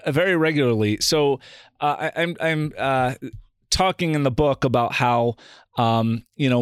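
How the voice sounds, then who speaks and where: A man's voice: medium pitch, dry recording, studio quality. A man, a philosophy guest on a podcast interview, talking casually and acting out the dialogue in his anecdotes. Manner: animated storyteller, acts out quoted dialogue.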